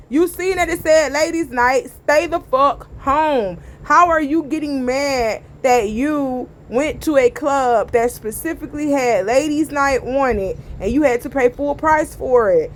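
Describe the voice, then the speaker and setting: A woman with a high-pitched voice delivers casual opinion commentary as the host of her own channel. She rants bluntly and profanely, repeating her lines for emphasis and speaking straight to her viewers.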